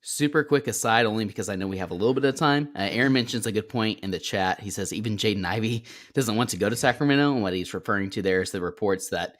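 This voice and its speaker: A man co-hosting a casual sports podcast, animated and jokey, bringing in comments from the live chat. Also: on the low side, fast, hardly any pauses. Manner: animated, jokey, laughs at his own points.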